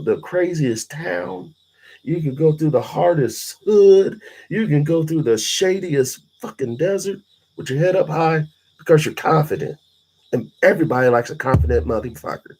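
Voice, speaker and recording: A man's voice: fairly high pitch, lively intonation, measured pace, creaky, mellow, husky. A man giving a blunt, profane, preachy late-night monologue to his live chat in street talk. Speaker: livestreaming vlogger.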